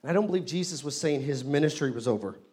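A man preaching a sermon in a church, leading the congregation in call-and-response and rising to loud exclamations. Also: a little high, animated, fast. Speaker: pastor. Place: church hall.

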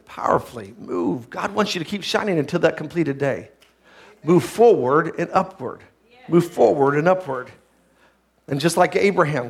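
A man preaching a sermon, swinging from quiet low lines to loud shouted ones and having the congregation repeat phrases after him. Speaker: pastor.

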